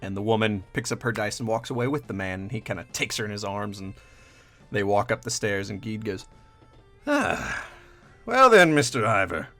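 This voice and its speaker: A man narrating a tabletop game as game master, in a loose, lively storytelling manner. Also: on the low side, a little fast, faint music behind.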